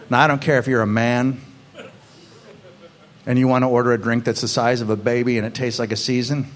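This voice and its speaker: A man doing a stand-up set, profane and ranting, building his bits up to shouted outbursts before a live audience. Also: mid-range voice, steady tone, fairly quick, a little hiss or hum. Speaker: stand-up comedian.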